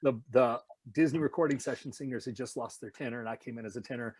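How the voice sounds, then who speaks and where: Animated man telling stories, dry sound. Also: mid-range voice, fast talker, husky, dry recording. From Nashville, USA. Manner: animated, slips into announcer voices and laughs while telling stories. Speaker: voice actor and singer, guest. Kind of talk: casual interview storytelling.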